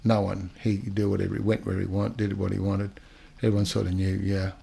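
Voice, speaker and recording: A man's voice: low-pitched, level tone, gravelly, mellow, husky. An older man with an Australian accent, a retired police officer telling stories in a casual interview, often repeating words as he goes. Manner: halting, repeats words as he talks.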